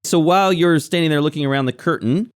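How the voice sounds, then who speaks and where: A man's voice: on the high side, fast talker. A man narrating a tabletop game as game master, describing scenes with frequent fillers.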